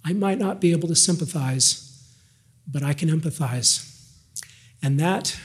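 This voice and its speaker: An older man giving a scripted devotional talk, measured and gently humorous, ending with a religious close. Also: fairly high pitch. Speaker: devotional speaker.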